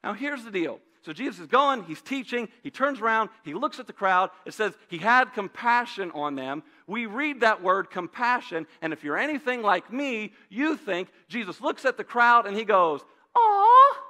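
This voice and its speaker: Man, 30s, pastor, conversational sermon, high pitched, bright tone. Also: lively intonation, normal speed, hardly any pauses. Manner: conversational, uses asides and rhetorical questions. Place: church sanctuary.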